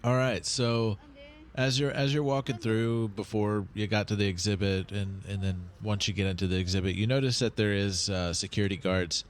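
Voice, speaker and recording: A man's voice: deep voice, slight background noise. A man narrating as game master of a tabletop game, laughing as he describes the scenes.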